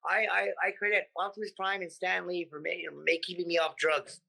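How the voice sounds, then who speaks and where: A man from the United States, a comedian guest in a casual interview, talking in an animated, profane way and acting out his stories. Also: high-pitched, a little fast, creaky, poor audio.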